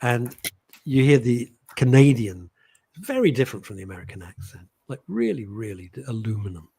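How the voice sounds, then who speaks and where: A man's voice: mid-range voice, brisk, gravelly, slight background noise. A middle-aged Englishman hosting a talk show, telling stories in casual chat and acting out the voices of people he quotes. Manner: animated storytelling with mimicked voices.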